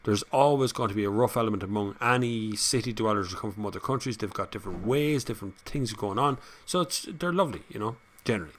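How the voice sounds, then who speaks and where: An Irish man with a lowish, fairly bright voice hosts a casual live chat, talking fast with hardly any pauses. He reads out viewer comments and rambles chattily between them, laughing often.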